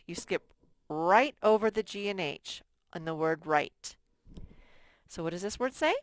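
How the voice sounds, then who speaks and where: A woman teaching a sight-word lesson to young children, repeating each word slowly and stressing it in model sentences. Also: lowish voice, animated, clear, resonant tone, dry recording. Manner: drawn-out, emphatic word modeling and repetition. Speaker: first grade teacher.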